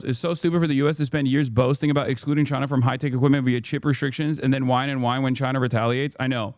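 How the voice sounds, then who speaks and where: A man in his thirties giving casual, sarcastic commentary on the news, swearing and breaking into loud mocking voices. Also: quick pace, few pauses, no echo, clean studio sound. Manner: animated, sarcastic, swears, mocks others in loud shrill put-on voices. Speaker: political streamer reacting to news.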